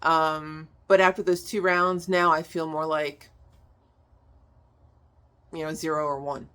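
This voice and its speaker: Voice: mid-range voice, level tone, slow, bright, forceful tone, smooth. A tapping instructor explaining a technique in a casual, chatty way, with plenty of "um", "like" and "right?" and some blunt, casual swearing.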